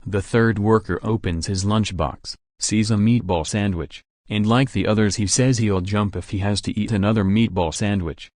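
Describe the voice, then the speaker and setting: Low-voiced man reading jokes. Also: steady tone, normal speed, hardly any pauses, darkish tone, dry recording, clean studio sound. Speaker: joke narrator. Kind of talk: scripted joke reading.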